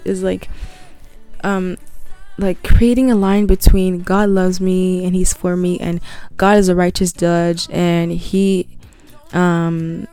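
A young woman talks earnestly into her podcast mic, blunt and casual with bits of slang and the odd restart. Her voice is mellow and a little tired. Faint music runs underneath. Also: mid-range voice. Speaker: podcast host. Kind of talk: casual Christian devotional podcast.

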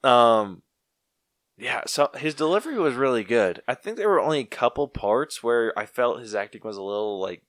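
A man's voice: mid-range voice, big pitch swings, moderate pace, fairly bright tone, no echo, studio quality. A man co-hosting a podcast, talking casually and bluntly about a movie and laughing often. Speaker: podcast co-host. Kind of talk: casual movie review chat.

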